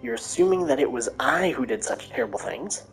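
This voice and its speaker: A woman's voice: sits low, sing-song, a little fast, gravelly, soft background music, exaggerated voice, low-quality recording. A woman voicing a sinister male monster who taunts and gloats in a menacing way.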